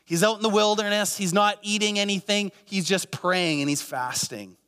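Man, pastor, sermon, slightly high voice, earnest, rhetorical questions, long hall reverb. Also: normal speed, sharp tone, clear, resonant tone. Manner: earnest, uses many rhetorical questions and repetition.

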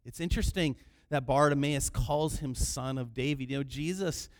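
A man preaching a sermon in an animated way, sometimes raising his voice to act out the people in his story. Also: mid-range voice, normal speed. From Canada. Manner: animated preaching, acting out quoted cries loudly. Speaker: pastor.

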